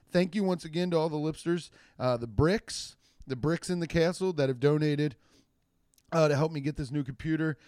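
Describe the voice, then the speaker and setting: A man hosting his own comedy podcast alone, rambling in a casual, profane, jokey way with quick asides and restarts. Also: mid-range voice, a little mellow, smooth, dry recording, studio quality. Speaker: podcast host and stand-up comedian. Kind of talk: casual solo podcast monologue.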